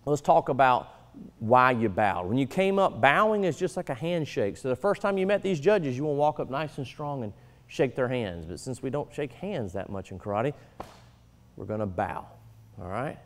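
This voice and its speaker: A man's voice: medium pitch, lively intonation, normal speed. A man teaching karate students how to present themselves at a tournament, coaching firmly and checking in with "all right?". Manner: firm, coaching, repeats "all right?" for emphasis. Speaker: karate instructor. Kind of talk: instructional talk to students. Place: martial arts school, indoors. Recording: long hall reverb.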